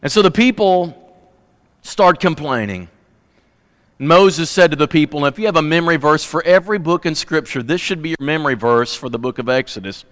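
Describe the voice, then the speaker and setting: An emphatic, folksy man preaches in a church, swinging from loud, punchy bursts to low, quiet asides. His voice sits fairly high for a man. A long hall reverb trails after each phrase. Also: expressive, a little fast. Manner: folksy, humorous. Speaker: pastor. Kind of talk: sermon.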